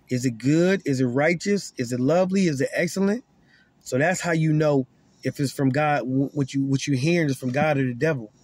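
Self-styled prophet, male, slightly raised pitch; emphatic to-camera preaching with stumbling restarts and repetition. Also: a little mellow, dry recording. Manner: emphatic, repeats words as he restarts; repeats key lines for emphasis.

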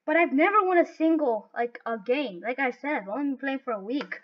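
A woman giving live gameplay commentary, excitable and talking to herself as she plays. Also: sits high, brisk, few pauses. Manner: excitable, talks to herself while playing. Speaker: gaming video host. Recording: dull lo-fi recording.

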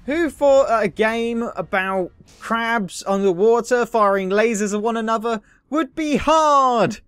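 Excitable swearing gamer guy. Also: extremely high pitch, measured pace, clear, resonant tone, no echo. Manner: excitable, swearing, self-mocking jokes. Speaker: gaming video host. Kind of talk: let's play commentary.

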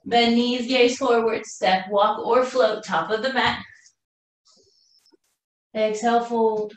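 A woman teaching a live yoga class, cueing poses calmly while doing the flow herself and running out of breath. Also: fairly high pitch, slow pace. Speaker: yoga instructor. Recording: roomy echo from far off the mic.

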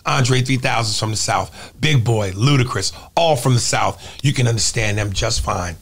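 A man's voice: medium pitch, normal speed, fairly bright tone. A middle-aged man as a comedian guest, arguing emphatically and mocking slang in casual chat. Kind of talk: animated argumentative chat.

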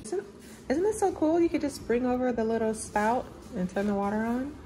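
A woman's voice: on the high side, animated, fairly quick, warm tone. Woman vlogger, casual chat to viewers while doing her hair, echoey home room with faint background noise, camera mic. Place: at home indoors.

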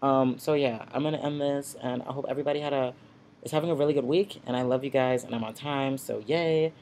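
A man's voice: medium pitch, fairly even intonation, quick pace, darkish tone, slight background noise. A man ranting in a casual, sassy vlog, talking bluntly into his computer's webcam at home. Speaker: vlogger. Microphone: built-in computer webcam mic.

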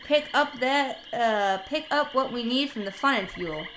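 A woman's voice: sits high, lively intonation, unhurried, background noise. A woman reading the lines of a folksy old male gator-pit keeper in a video game, plainly and without an accent, as he talks about himself in the third person. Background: game music.

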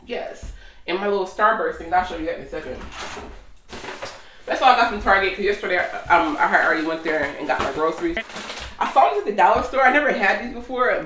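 Woman vlogger, casual and lively, echoey room, off-mic. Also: mid-range voice, recorded from a distance, slight background noise. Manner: chatty, animated. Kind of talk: casual vlog chat.

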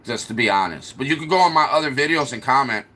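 A man's voice: medium pitch, lively intonation, fast talker, pushed and bright. A man hosting a livestream, scolding his viewers in a repetitive, mock-patient way. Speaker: livestream host. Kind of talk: casual livestream rant.

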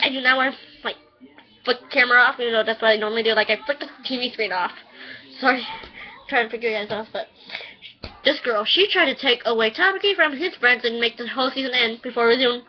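A woman rambling casually through a review, chatty and quick to swear. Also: a little high. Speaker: anime reviewer. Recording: dull lo-fi home recording.

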